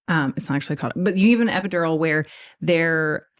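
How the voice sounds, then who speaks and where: A woman's voice: sits low, quick pace. A woman in her thirties telling a story in casual chat, laughing and whispering the quoted lines. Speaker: veterinarian guest.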